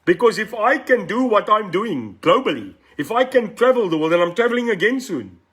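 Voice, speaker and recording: A man's voice: high voice, big pitch swings, brisk, fairly bright tone, husky. A middle-aged South African man with a South African accent hosting a live political stream, speaking passionately, mixing in Afrikaans and greeting viewers by name. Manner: impassioned, switches between English and Afrikaans, greets viewers by name. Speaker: political talk show host.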